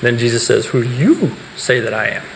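A man's voice: mid-range voice, very animated, brisk, creaky. A man gives a talk to a youth group, explaining points and putting questions to the listeners, then answering them himself. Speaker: speaker teaching a youth group. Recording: reverberant hall, faint background noise.

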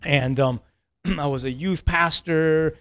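A man's voice: on the high side, takes it slowly, dry recording. A man in his thirties, a pastor, telling a personal story on a podcast in an earnest way, often repeating his words. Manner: earnest, repeats words, laughs between lines.

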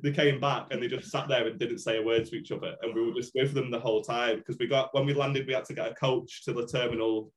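A man's voice: medium pitch, steady tone, quick pace, few pauses. A man, a comedian guest, telling holiday stories with constant swearing and lots of energy. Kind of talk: casual chat.

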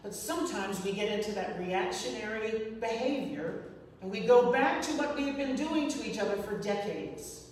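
A woman's voice: fairly high pitch, animated, normal speed, a little mellow. A woman telling a personal story in an earnest, reflective way, often repeating phrases for emphasis. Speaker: speaker sharing a personal story. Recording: echoey hall, voice from far off.

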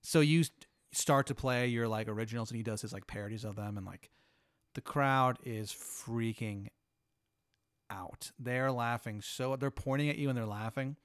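A man's voice: medium pitch, normal speed, smooth, dry recording, clean studio sound. A man hosting a podcast, spinning a long improvised hypothetical in a laid-back, rambling way full of "like". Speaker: host.

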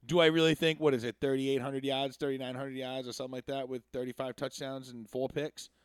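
A man's voice: medium pitch, little pitch movement, a little fast, smooth, dry recording. Heated, swearing man in sports chat. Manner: profane, heated and blunt. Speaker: podcast co-host.

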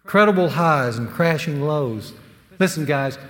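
A man preaching a sermon to men, earnest and emphatic, with dramatic pauses. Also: a little high. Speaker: pastor teaching a men's series. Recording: long hall reverb.

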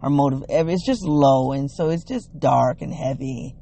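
A vlogger reflects on a personal family story, voicing what people said in lively quotes and often saying "you know" and restarting sentences. The voice is mid-range and unhurried.

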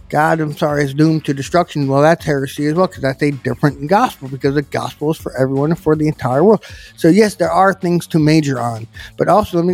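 A man's voice: a little high, darkish tone. A man giving informal Bible teaching in a plainspoken, conversational, emphatic way.

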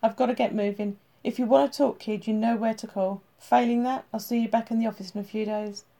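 A woman voicing a gruff male police chief who is firm and blunt with his detective, in an audiobook reading. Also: a little high, steady tone, brisk, dark tone.

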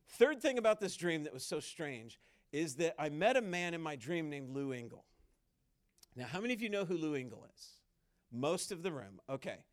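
A man speaking at a conference in a conversational, animated sermon style, acting out quoted dialogue as he tells a story. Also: a little high. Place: conference hall stage.

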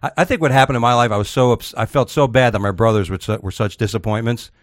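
A man's voice: mid-range voice, fast talker, no echo, studio quality. A man hosting a radio talk show, telling stories in a rambling, casual way with many restarts and fillers. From Florida.

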